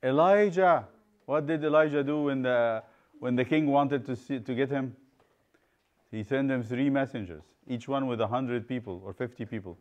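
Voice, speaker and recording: A man's voice: medium pitch, normal speed, a little mellow, dull audio. A man teaching a children's Bible study, quizzing the class and retelling stories with acted-out voices.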